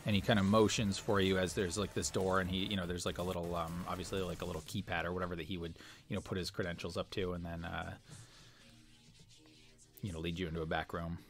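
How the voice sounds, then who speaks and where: A man's voice: sits low, flat delivery, quick pace, soft background music. A man narrating as game master in a tabletop game, rambling with many fillers.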